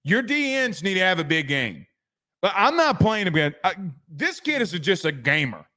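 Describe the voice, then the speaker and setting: A man's voice: high-pitched, very animated, moderate pace, bright, forceful tone. A man hosting a casual sports commentary show, rambling and joking. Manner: rambling, joking, trails off into asides.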